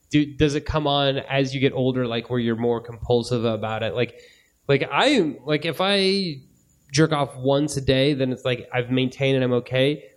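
Rambling man chatting as a guest. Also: mid-range voice. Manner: rambling, hesitant, lots of fillers and laughs. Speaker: comedian guest. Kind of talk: casual chat.

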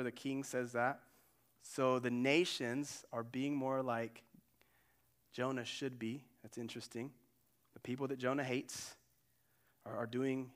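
A man pastor preaching a sermon, conversational and animated, with side digressions. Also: medium pitch, clean tone.

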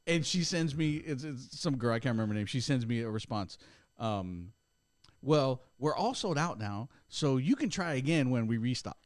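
During a laid-back podcast chat, the young co-host tells an animated story, voicing the quotes dramatically. His mid-range voice moves at normal speed, recorded with clean studio sound and no echo.

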